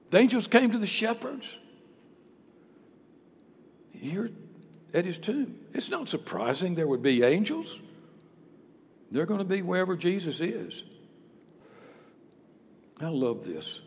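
A man preaching a sermon, with dramatic swings from hushed to loud. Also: fairly high pitch, a little hiss or hum. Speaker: pastor. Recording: long reverb of a large hall.

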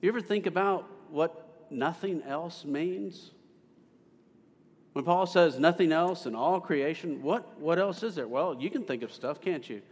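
A man's voice: fairly high pitch, measured pace. A male pastor preaching a sermon with emphatic, swelling stresses, recorded in a church sanctuary. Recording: long hall reverb.

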